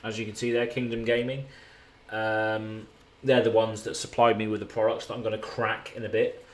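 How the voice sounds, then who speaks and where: An English man with a low voice chats to his live-stream audience from a hotel room. He rambles in a relaxed, easygoing way and drops the occasional swear word. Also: moderate pace, slight background noise. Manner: rambling, laid-back, swears casually. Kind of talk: casual live-stream chat.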